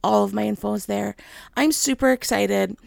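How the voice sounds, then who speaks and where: Gravelly-voiced woman in gentle faith talk. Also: mid-range voice, moderate pace, dry recording, studio quality. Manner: chatty, gentle, with frequent laughs. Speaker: host.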